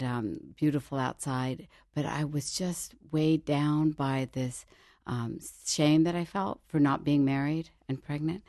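Low, mellow-voiced woman, reflective. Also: no echo, studio quality. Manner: reflective and thoughtful. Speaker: regular panelist. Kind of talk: personal storytelling in a radio panel. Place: radio studio.

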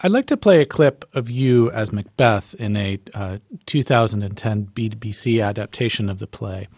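A man's voice: lowish voice, normal speed, a little mellow, slightly rough, no room sound, clean studio sound. A man interviewing a guest, asking curious questions with hedges and fillers.

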